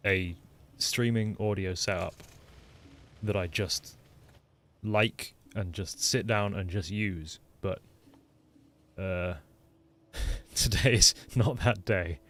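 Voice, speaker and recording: Chatting casually as he plays a game on stream, a man from England speaks into a desktop microphone with a mixed accent that leans Lincolnshire. His pitch is fairly low and his tone fairly bright, and he rambles, mocks himself, and keeps umming and starting over.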